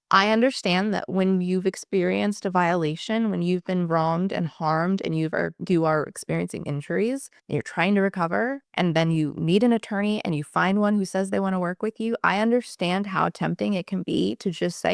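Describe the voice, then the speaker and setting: Gravelly, candid woman attorney. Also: mid-range voice, a little fast, no room sound, studio quality. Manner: candid and passionate, swears casually. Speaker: employment attorney. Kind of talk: direct-to-camera legal explainer.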